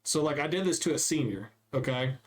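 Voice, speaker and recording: Young man telling animated stories. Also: fairly high pitch, brisk. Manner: animated storyteller acting out quotes. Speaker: podcast co-host. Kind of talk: casual chat.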